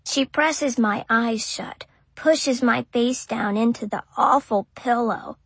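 A woman's voice: fairly high pitch, slow, gravelly, slightly rough, no echo. A woman reading an audiobook in first person as a small child, with simple childlike phrasing. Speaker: audiobook narrator.

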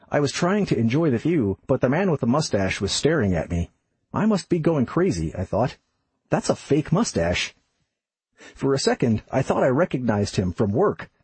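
A man reading his memoir aloud as scripted narration, in a steady, descriptive storytelling manner. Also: medium pitch, slightly rough, no echo, poor audio.

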